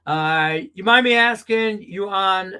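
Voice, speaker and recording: A man's voice: sits high, slow pace, clean tone. Profane ranting sports bettor, man. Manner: profane, ranting, heated and animated. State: congested sinuses. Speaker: sports betting handicapper. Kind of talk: casual sports betting talk show rant. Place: Las Vegas.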